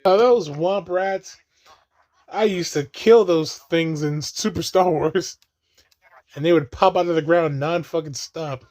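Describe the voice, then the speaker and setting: A man talking casually over a movie as he watches it. His voice sits a little high. He laughs a lot, swears freely and drops into mocking high-pitched impressions of the characters. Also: a little slow, a little mellow. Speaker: movie commentary host.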